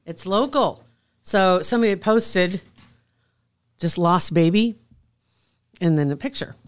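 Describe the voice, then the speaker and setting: A woman's voice: lowish voice, unhurried. A woman co-hosting a casual podcast, telling a story in a chatty, amused way. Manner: chatty, amused, laughs often. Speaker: podcast co-host.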